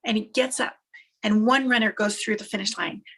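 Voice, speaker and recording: A woman's voice: fairly high pitch, brisk, breathy edge. A woman motivational speaker telling uplifting stories, emphatic and repetitive for effect. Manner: animated, emphatic, repeats phrases for effect. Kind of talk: motivational storytelling.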